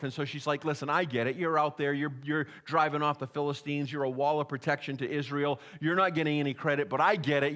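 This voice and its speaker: Bright, animated male pastor preaching. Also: on the high side. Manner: storytelling preacher who acts out voices of people in anecdotes. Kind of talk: sermon. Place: church.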